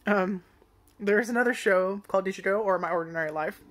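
A woman's voice: mid-range voice, fairly quick. A woman casually chatting about an anime's first episode, rambling, swearing often and laughing at her own jokes. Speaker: anime reviewer. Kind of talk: casual chat.

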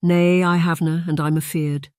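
A narrator voicing a timid, fearful Scottish maidservant in a frail, tentative voice with a Scottish accent. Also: female voice, fairly low pitch, flat delivery, normal speed, darkish tone, no echo, clean studio sound, natural voice. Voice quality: frail, trembling.

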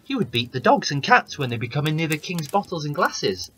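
A man voicing an eager little boy in a storybook reading, pitched well up. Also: big pitch swings, brisk, bright, forceful tone, husky, exaggerated voice. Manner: raised, eager child voice. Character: cheeky little boy, cook's son.

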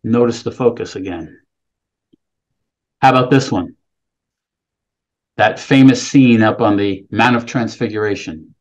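A man's voice: fairly low pitch, fairly even intonation, moderate pace, long pauses, lo-fi sound. A man preaching a sermon, reading scripture aloud with rising emphasis and then explaining it plainly. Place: California, speaking remotely.

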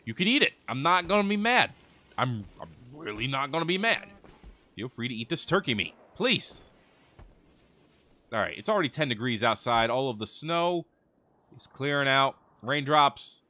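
A man giving animated let's-play commentary, reacting loudly and chatting to the characters on screen. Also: mid-range voice, moderate pace. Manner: excitable, chatty, talks to game characters. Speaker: gaming video host.

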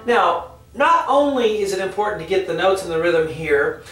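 A higher-pitched man teaches piano in a chatty, relaxed way and hums the rhythms as he goes. He sounds set back from the mic in a very echoey room, with loud piano playing behind him. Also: moderate pace, distant mic. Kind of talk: casual online piano lesson.

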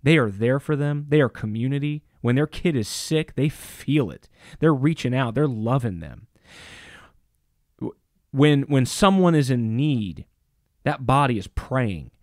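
A man's voice: mid-range voice, animated, a little slow, darkish tone, no room sound, studio quality. A man preaching a sermon as a pastor, impassioned and emphatic, repeating phrases for stress.

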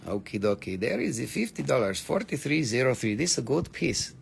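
A man's voice: mid-range voice, very animated, a little fast, gravelly, a little hiss or hum. A man with an American accent hosting a casual live-stream crystal sale, joking and swearing as he rambles over the stones. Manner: joking, profane, rambling while showing stones.

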